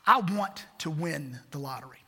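A man's voice: a little high, animated, moderate pace, sharp tone, slightly rough. A man pastor preaching a sermon, earnest and repetitive, asking rhetorical questions. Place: church sanctuary. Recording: church hall reverb.

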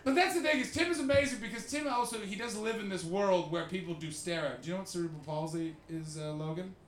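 A comedian telling jokey stories to a live audience and acting out the people in them. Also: male voice, sits high, quick pace, roomy sound, slight background noise. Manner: animated, jokey, acts out the people in his stories. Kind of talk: live podcast storytelling with an audience.

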